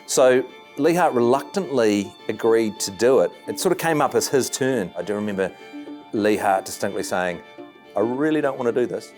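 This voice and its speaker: A man, recalling events in a documentary interview with a measured, wry delivery. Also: medium pitch, expressive, darkish tone, soft background music.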